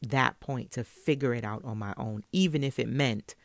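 A woman from Brooklyn, a hairstylist telling a story in a casual, animated way and laughing often. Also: very deep voice, moderate pace, vocal fry, dry recording. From Brooklyn, New York.

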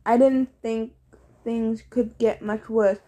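A woman's voice: on the high side, slow. Woman reading a novel aloud. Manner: steady storytelling narration. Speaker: reader. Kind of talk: audiobook reading.

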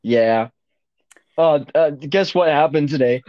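A young man co-hosting a casual podcast, joking in a mock-gloomy, deadpan way. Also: a little high, takes it slowly, dry recording, dull audio. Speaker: podcast co-host.

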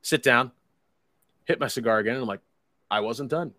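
A man's voice: medium pitch, moderate pace, pushed and bright, no room sound, studio quality. A man casually telling a long, rambling anecdote, swearing freely and wry about it. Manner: profane, rambling, wry storytelling with quoted dialogue.

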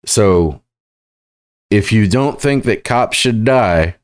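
A man hosting reaction commentary, sarcastic and halting, full of fillers and restarts. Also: fairly low pitch, animated. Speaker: commentary host.

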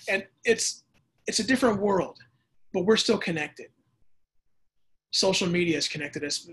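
A man preaching a sermon as pastor, lively and conversational, acting out voices and adding casual asides. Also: sits high, husky. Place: church or home setting during the pandemic.

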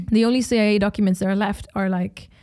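Casting: hoarse young Swedish woman, casual host chat, salty and animated. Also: medium pitch, fairly quick. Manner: switches between English and Swedish, swears often, animated outbursts. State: hoarse from screaming. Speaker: podcast host.

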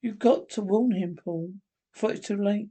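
A man's voice: high-pitched, normal speed, warm tone, slightly rough, voice pushed up. A man voicing a frightened young wife in a radio-play reading, urgent and pleading. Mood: urgent fear.

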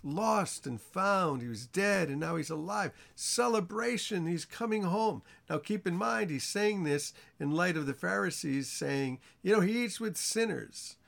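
A man teaching an informal Bible study sermon in a conversational way, asking his listeners questions and acting out the characters' lines. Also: gravelly. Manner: animated storytelling, acts out the characters' lines with rising pitch.

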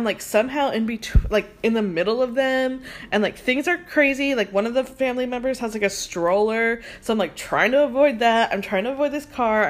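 Casting note: young woman, casual podcast host, rapid filler-heavy chat, swears freely. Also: fairly high pitch. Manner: fast, chatty, says "like" a lot, swears freely.

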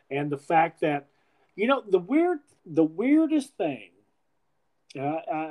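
A man chatting casually as a podcast host, wandering through his thoughts with plenty of restarts. He swears freely, and his voice sits somewhat high for a man. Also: warm tone, poor audio. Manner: rambling, profane, frequent restarts. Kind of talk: casual chat.

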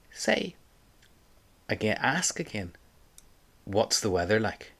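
A man leads a spoken lesson, his voice sitting fairly low. He takes it very slowly, patiently drilling each phrase and leaving gaps for the listener to repeat. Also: big pitch swings, creaky, a bit bright. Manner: patient, slow drilling with pauses for repetition. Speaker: Irish language teacher. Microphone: close mic, home recording.

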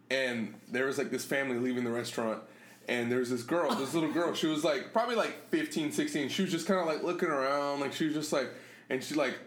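A man's voice: mid-range voice, fairly bright tone. A man co-hosting a podcast, telling stories in rambling casual chat full of fillers and laughter. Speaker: podcast co-host. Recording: echoey room with faint noise.

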